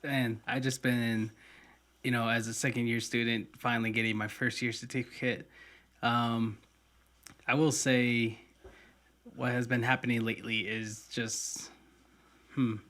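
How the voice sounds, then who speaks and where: A man's voice: mid-range voice, little pitch movement, a little slow, pauses often, a bit bright. A young man co-hosting a podcast, telling a personal story in an earnest, heartfelt way with many fillers. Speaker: podcast co-host. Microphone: podcast mic.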